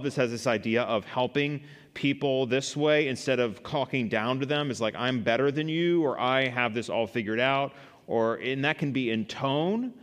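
A man's voice: mid-range voice, fairly bright tone, big-room sound. A man teaching a church Bible study class, conversational, asking the group questions and answering them himself. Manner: conversational, asks the class questions, many fillers.

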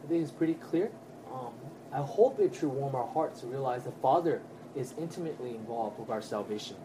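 A man teaching a Bible study class, earnest and emphatic, often checking in with his listeners with quick tag questions. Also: medium pitch, animated, background noise.

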